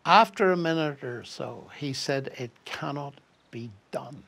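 An older man with a Northern Irish accent, telling an animated story as a professor guest in a conversation. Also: mid-range voice, a little slow, gravelly, slightly rough. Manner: lively anecdote-telling with acted quotes, chuckling.

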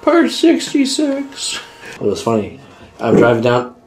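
A man's voice: mid-range voice, huge pitch swings, unhurried, reverberant. A man co-hosting a casual comedy chat, joking, swearing and laughing often. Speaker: podcast co-host.

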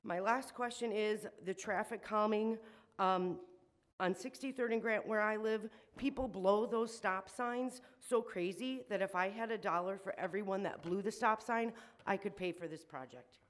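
A woman's voice: mid-range voice, normal speed. Shaky, upset woman at a hearing. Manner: emotional, shaky, indignant, many ums. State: shaking with emotion. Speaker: resident speaking at public hearing. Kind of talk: public comment at city meeting.

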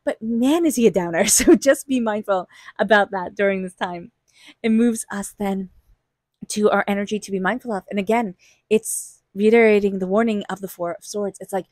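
A woman reads tarot in a loose, chatty way, reassuring and quick to laugh as she talks straight to the listener. Her voice sits in a middle pitch. It sounds close and dry, with no room around it. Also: darkish tone, dry recording. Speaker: tarot reader. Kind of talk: casual spoken tarot reading.

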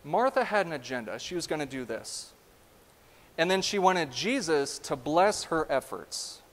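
A man preaching a sermon as pastor, animated and asking the congregation direct questions. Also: a little high, moderate pace. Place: church sanctuary. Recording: long church reverb.

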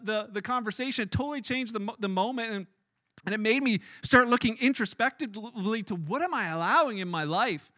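A man preaching a sermon as pastor in a church, animated and conversational, acting out scenes as he tells them. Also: high-pitched, a little fast, dry recording.

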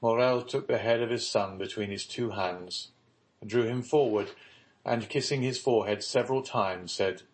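A man reading a classic novel aloud as an audiobook narrator, in a formal, even manner. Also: on the low side, normal speed. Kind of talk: scripted narration.

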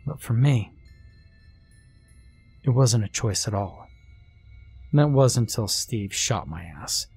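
A man tells a first-person horror story slowly, with a husky voice and a wry, unhurried manner. His voice is recorded close and dry, with faint music underneath. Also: lowish voice, lively intonation, a little mellow, no room sound.

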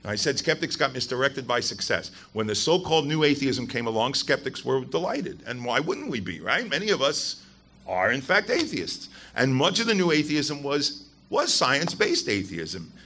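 A man's voice: mid-range voice, very animated, normal speed, bright, forceful tone, a little hiss or hum. A man speaking as guest at a live skeptics event, addressing an audience bluntly and emphatically and swearing for emphasis. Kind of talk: live public talk to an audience.

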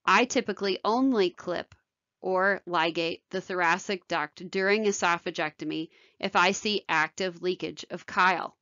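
Woman surgeon giving a measured medical lecture. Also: fairly low pitch, pushed and bright, no room sound, dull audio. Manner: measured, technical delivery. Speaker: thoracic surgeon.

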